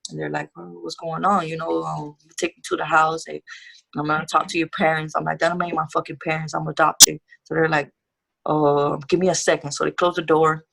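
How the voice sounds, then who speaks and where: A woman's voice: deep voice, little pitch movement, fairly quick, vocal fry, crowd noise. A young woman guest telling her life story in a casual interview, candid and profane with street slang.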